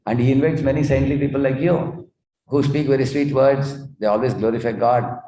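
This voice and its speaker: A man's voice: mid-range voice, steady tone, fairly quick, distant mic, a little hiss or hum, lightly acted. A man voicing a sweet-spoken, courteous male parrot from a king's palace while telling a story. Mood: earnest. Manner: courteous, gently explaining. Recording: echoey room.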